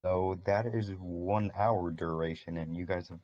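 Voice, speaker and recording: A man narrating as game master in a casual tabletop session, with halting restarts. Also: sits low, steady tone, darkish tone, highs cut off.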